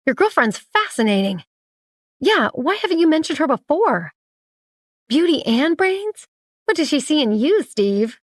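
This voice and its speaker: A woman's voice: high-pitched, very animated, measured pace, no echo, studio quality, voice pushed up. A woman voicing wealthy party guests who gush and tease in a raised voice. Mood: gushing, teasing. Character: gushing wealthy party guests, admiring and teasing.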